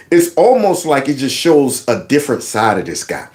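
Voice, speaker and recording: A man hosts a casual reaction show and mocks the clips he plays. His pitch swings widely as he talks, and he sounds middle-aged. His delivery is loose and teasing, and he often talks back to the screen. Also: very animated, normal speed, hardly any pauses, a little mellow. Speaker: commentary show host.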